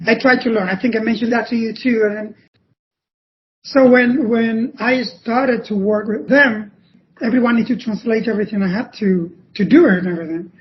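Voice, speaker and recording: A Cuban man speaking Spanish with a Cuban accent, a former ballet dancer, guests on a podcast and tells stories in a halting way, often restarting phrases. His voice is high-pitched with fairly even intonation, heard through dull lo-fi audio with slight background noise.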